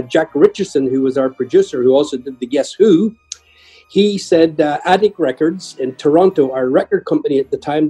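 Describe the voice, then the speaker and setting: An older man, a guest musician, telling humorous stories in a chatty, lively way. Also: a little high, slightly rough, poor audio. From Ireland. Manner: chatty, humorous anecdotes with lively voiced quotes. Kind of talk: conversational storytelling.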